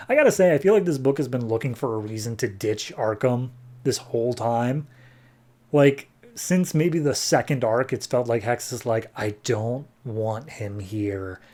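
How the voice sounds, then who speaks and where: Young male podcast host, mellow-toned, offhand review chat, plot recaps. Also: mid-range voice, lively intonation. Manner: offhand, recaps plots with quick paraphrased quotes. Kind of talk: casual comic review chat.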